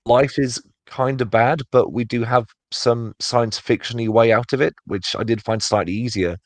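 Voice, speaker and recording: A man's voice: medium pitch, fairly even intonation, normal speed, no echo. A man co-hosting a casual podcast chat, rambling with many fillers and restarts. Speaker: podcast co-host.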